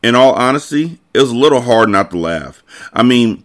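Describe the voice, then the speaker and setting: A man, host of a podcast, reading a children's novel aloud with casual, expressive delivery. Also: mid-range voice, normal speed. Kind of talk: book reading narration.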